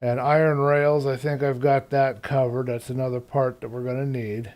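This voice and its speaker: Male streamer, mellow tone, casual live gameplay commentary, thinks out loud. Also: medium pitch, flat delivery, normal speed. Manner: thinks aloud while planning; rambling, casual.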